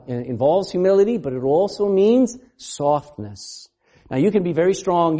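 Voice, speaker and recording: A male pastor preaching a sermon in a high, mellow voice that swings widely in pitch. He quizzes the congregation, laughs often and acts out the voices he quotes. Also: breathy edge. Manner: animated, asks the congregation questions.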